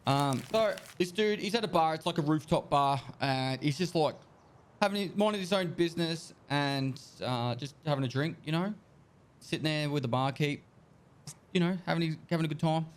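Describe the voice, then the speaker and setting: A man casually telling a joke to friends during a game session. His voice sits fairly high, and his telling is loose and full of fillers. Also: normal speed. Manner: loose, filler-heavy storytelling.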